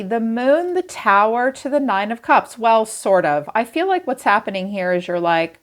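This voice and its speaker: A woman's voice: on the high side, big pitch swings, moderate pace, few pauses. A woman giving a casual tarot reading to camera, chatty and frank, who swears and laughs easily. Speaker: tarot reader.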